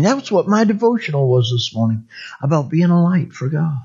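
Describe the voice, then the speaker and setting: A man's voice: on the high side, animated, a little fast, a little mellow, slightly rough, muffled recording. A man preaching a conversational sermon, rambling and folksy, often asking the congregation for an amen.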